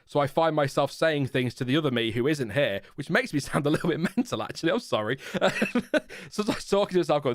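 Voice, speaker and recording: A man's voice: mid-range voice, lively intonation, brisk, no room sound, clean studio sound. A British man hosting a live-stream watchalong, chatting and laughing at himself from home. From Britain. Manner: chatty, self-deprecating, laughs often. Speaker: host. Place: home room. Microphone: headphones with a desk mic.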